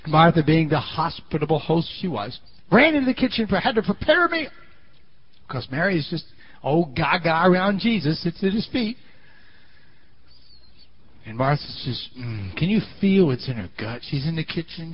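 A man preaching in a dramatic, storytelling style, his high voice leaping up and down as he acts out the scene. He often turns to the audience with questions. The recording is dull and lo-fi. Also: lively intonation, normal speed. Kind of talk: storytelling sermon.

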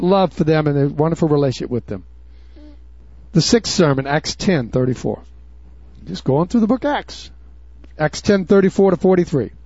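A man's voice: high voice, a little mellow, no room sound. A man preaching a sermon in an emphatic, urgent way, with mocking asides. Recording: dull dry recording.

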